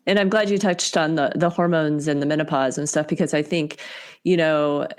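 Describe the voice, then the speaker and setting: Low-voiced chatty woman in her forties. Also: steady tone, moderate pace, clean tone. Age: 40s. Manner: chatty, candid, full of restarts. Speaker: podcast co-host. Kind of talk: casual podcast chat.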